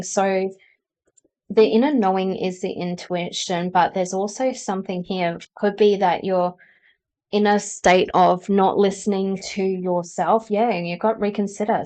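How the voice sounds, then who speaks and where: A woman's voice: medium pitch, darkish tone. A woman doing a pick-a-card tarot reading, chatting and explaining directly to the viewer. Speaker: tarot reader.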